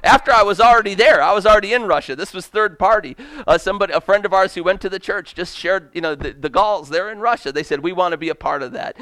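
A man's voice: high voice, quick pace, hardly any pauses, pushed and bright, dry recording. A man preaching as an evangelist, telling mission stories in an earnest sermon style with frequent amens. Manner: earnest storytelling with repeated amens. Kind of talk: sermon testimony.

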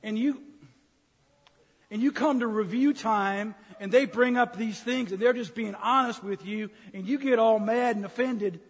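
A man's voice: high-pitched, unhurried, slightly rough. A man preaching a humorous sermon, teasing the congregation and acting out grumbling complaints. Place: church sanctuary. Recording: reverberant church hall.

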